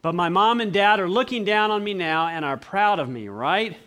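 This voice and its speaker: A man preaching a sermon, animated and acting out the voices of the people he quotes. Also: high voice, normal speed. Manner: clears throat often.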